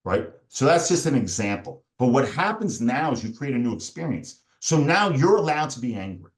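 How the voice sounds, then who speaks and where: Hombre con entonación muy expresiva. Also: male voice, medium pitch, very animated, normal speed. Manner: explains step by step, acts out angry inner voices. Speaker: performance coach. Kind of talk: podcast interview.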